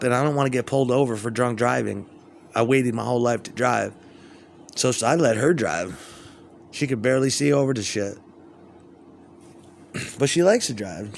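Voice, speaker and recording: A man's voice: medium pitch, normal speed, gravelly, long pauses, a little hiss or hum. A man delivering a rambling, crude spoken monologue, with stammering restarts.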